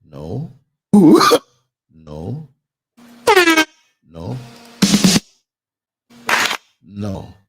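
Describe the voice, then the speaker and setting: A man's voice: on the low side, wildly swooping pitch, drawn-out words, pauses often, soft background music. A man hosting a solo podcast, talking bluntly and preachily and acting out the voices of the people he quotes. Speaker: podcast host.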